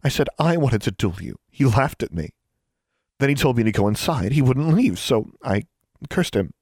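A man voicing a frightened but vengeful young girl, speaking in a shaky, rushed way, lifted above his usual pitch. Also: sing-song, darkish tone, husky, no echo, studio quality.

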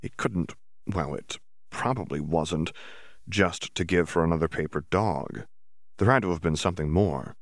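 A man reading a serialized story as audiobook narrator in a steady, measured way. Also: deep voice, gravelly, dry recording, clean studio sound. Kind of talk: scripted narration.

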